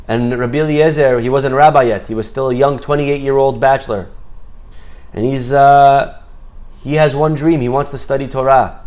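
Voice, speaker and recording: A man's voice: medium pitch, moderate pace. A man teaching a Torah class, telling a story with Hebrew phrases mixed in and acting out the characters' voices. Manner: lively storyteller, acts out quoted voices.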